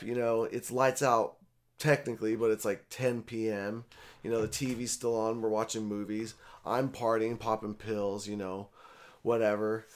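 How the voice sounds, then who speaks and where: Profane rambling young man telling a story. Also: on the low side. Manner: profane, rambling, animated retelling. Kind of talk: casual storytelling.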